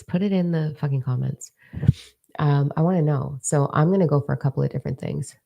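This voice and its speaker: A woman mentor talking casually to her followers in a livestream, blunt, profane and energetic. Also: low-pitched, brisk, vocal fry. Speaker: mentor and social media creator.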